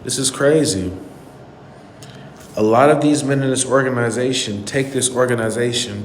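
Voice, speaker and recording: An earnest man delivers an indignant commentary monologue and hammers home his points by repeating them. His voice sits at an ordinary pitch but rings with a long echo, as if he is in a bare room, and soft music plays beneath him. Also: moderate pace, long pauses, a little hiss or hum. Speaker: channel host. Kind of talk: commentary monologue on a played clip.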